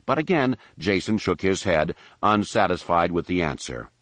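Deep-voiced guy narrating a novel, steady pace, dry studio mic. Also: moderate pace, dry recording. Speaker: audiobook narrator. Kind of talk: scripted narration.

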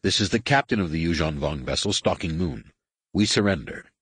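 A man voicing a blunt ship captain who gives short orders, in a husky voice. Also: sits low, lively intonation, brisk, a bit bright, no echo, full character voice. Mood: terse. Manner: blunt, commanding. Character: terse male ship captain.

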